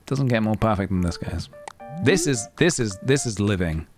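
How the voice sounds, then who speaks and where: A man's voice: fairly low pitch, expressive, normal speed. A young man chatting playfully and rambling while live-streaming a game, breaking into sing-song noises. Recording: faint guitar music behind.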